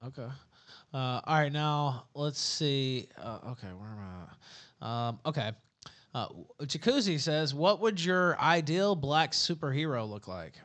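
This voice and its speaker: A man's voice: a little high, animated, unhurried, fairly bright tone. A man hosting a casual podcast, reading out viewer questions in a loose, hesitant way with many fillers. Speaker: host.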